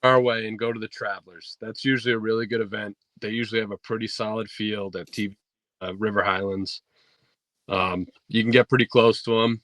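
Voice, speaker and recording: A man from New tells golf stories in a loose, easygoing way, stopping and restarting often. His voice sits fairly low and sounds dry and close, with no room echo. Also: a little fast. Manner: relaxed storytelling with fillers and restarts. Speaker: podcast guest, golf instructor. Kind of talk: casual interview chat. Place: podcast studio.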